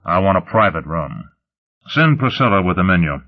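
A man voicing a brash, gloating pleasure-seeker with a low, lively voice, over a tinny phone-like line. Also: moderate pace.

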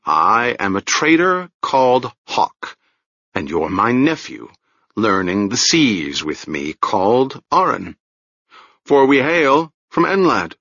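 Calm teasing wizard guy, read by a man, slow and dry, a bit lo-fi. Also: medium pitch, dry recording, exaggerated voice. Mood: wry. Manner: dry, easygoing, gently teasing. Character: calm, wry male wizard, middle-aged, patient.

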